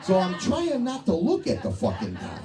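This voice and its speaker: A man's voice: high voice, wildly swooping pitch, moderate pace, music in the background, crowd noise. A middle-aged man doing a stand-up comedy set, swearing freely and laughing at his own jokes, in a tavern showroom. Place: tavern showroom before a live crowd. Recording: distant and noisy live bar recording.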